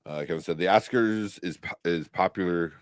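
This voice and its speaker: A man's voice: sits low, normal speed, dry recording, studio quality. A man co-hosting a casual movie talk show, rambling with many fillers and restarts. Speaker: podcast co-host. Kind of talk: casual chat.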